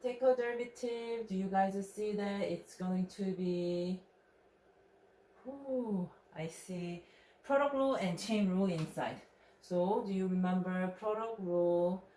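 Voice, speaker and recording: A woman's voice: medium pitch, measured pace, warm tone. A woman math instructor walking through a recorded lecture step by step, checking in with rhetorical questions. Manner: step-by-step explaining, frequent "right?" check-ins. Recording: echoey room with faint noise.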